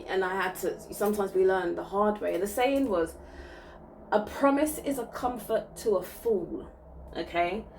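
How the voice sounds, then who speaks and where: A woman's voice: medium pitch, recorded from a distance, a little hiss or hum, poor audio. A woman giving a spiritual reading to viewers in a soothing, reassuring way, often checking in with "okay?". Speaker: spiritual reader.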